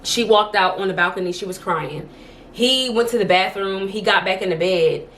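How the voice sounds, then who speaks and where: A young woman with a medium-pitched, slightly bright voice vlogs from home at a normal pace, with a little background noise. She chats to camera and tells stories, peppering them with "like."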